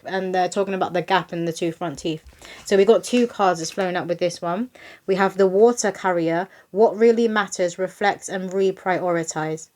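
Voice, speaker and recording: Chatty woman giving a spiritual reading. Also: mid-range voice. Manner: chatty, breezy, spiritual, with bursts of quoted voices. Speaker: psychic medium. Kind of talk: casual tarot-style reading to camera.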